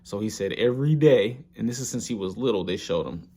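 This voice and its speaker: A man casually recapping an anime episode, telling it with animated slang. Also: on the low side, quick pace, slightly rough.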